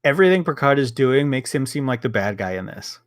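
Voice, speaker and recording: A young man co-hosts a casual review chat, ranting, swearing and acting out lines in quick bursts. His pitch sits in the middle of the male range. The recording is dry and close, with no room sound. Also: animated, no room sound. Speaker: podcast co-host.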